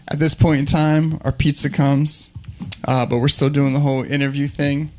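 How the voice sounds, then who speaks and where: A male comedian telling a comedy story with a dry, deadpan delivery. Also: on the high side, moderate pace. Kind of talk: stand-up storytelling.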